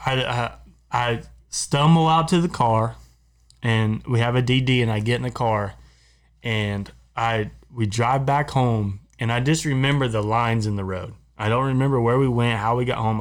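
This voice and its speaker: Rambling male podcast co-host telling stories. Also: mid-range voice. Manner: rambling, laughing, repeats himself. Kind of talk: casual storytelling among friends. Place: podcast studio.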